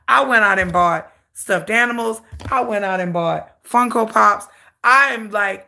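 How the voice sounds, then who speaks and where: A woman hosting a K-pop channel livestream, telling a dramatic, salty story with animated humor. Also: medium pitch, unhurried, gravelly. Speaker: K-pop YouTube channel host. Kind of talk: casual livestream rant.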